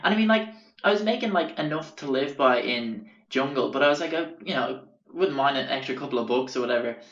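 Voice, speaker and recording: A man's voice: medium pitch, brisk, fairly bright tone, roomy sound, highs cut off. An Irish man hosting a podcast, telling stories in a rambling, casual way and swearing freely. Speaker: podcast host. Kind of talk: casual storytelling.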